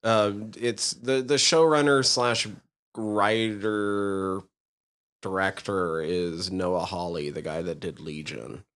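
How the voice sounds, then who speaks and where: A man with a lowish voice co-hosts a casual podcast chat. He rambles enthusiastically, leaning on fillers like "like" and "um.". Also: fairly even intonation, takes it slowly, fairly bright tone. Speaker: podcast co-host.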